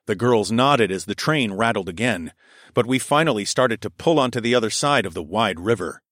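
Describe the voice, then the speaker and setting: A young adult man narrating a first-person adventure story in a steady storytelling voice. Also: fairly quick, no echo, clean studio sound. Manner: steady storytelling, voicing his own lines louder and higher.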